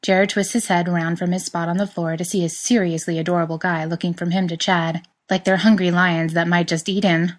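A woman narrating a story in a plain, even reading voice. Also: on the low side, a little fast, few pauses.

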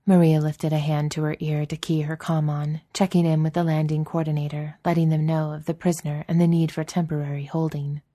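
A woman narrating a story as an audiobook reader, in a steady, even storytelling manner. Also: sits low, a little fast, few pauses, no room sound, studio quality. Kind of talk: narrating a fan fiction story.

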